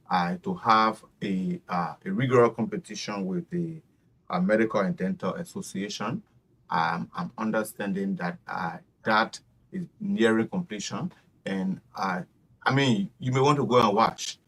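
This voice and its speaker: Halting low-voiced man. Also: animated, creaky, fairly bright tone, slightly rough. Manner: halting, many fillers. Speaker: bar association representative. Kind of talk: radio interview. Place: radio studio.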